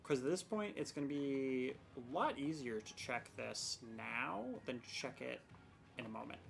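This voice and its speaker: A woman's voice: rumbling low, moderate pace, vocal fry. A young woman streaming a game, chatting casually and rambling with self-mocking exasperation about her technical troubles. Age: young adult. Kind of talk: casual live-stream chat.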